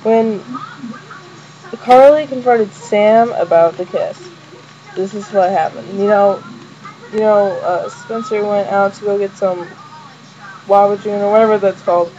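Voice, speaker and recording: On faintly noisy, dull lo-fi webcam audio, a young woman offers a casual, rambling fan review of a show episode with many fillers and restarts. Her voice is medium-pitched and dark, unhurried, with long pauses.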